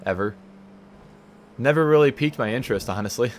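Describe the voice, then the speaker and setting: A man's voice: medium pitch, fairly quick, slight background noise. A man giving casual, rambling, self-mocking commentary while playing a racing game from home. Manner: rambling, self-mocking, sings silly stutters. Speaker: let's play gamer.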